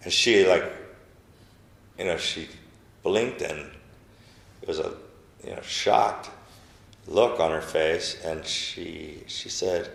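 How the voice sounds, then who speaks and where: A deep-voiced man with a gravelly edge tells a personal story, stumbling and restarting as the emotion catches up with him. His voice drops soft when he repeats what was said. The room around him is echoey. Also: slow pace, long pauses. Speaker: interview guest.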